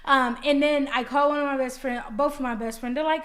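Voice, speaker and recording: Excited woman with a somewhat high voice. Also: fast talker, hardly any pauses. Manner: animated, excited, acts out her own reactions. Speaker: wife telling how the couple met. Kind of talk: casual storytelling.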